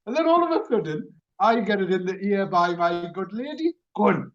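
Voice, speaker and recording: A middle-aged man tells stories in a casual chat, his voice sitting high for a man. He is animated and keeps chuckling at himself. The recording sounds dull and lo-fi. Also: normal speed. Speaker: radio show host.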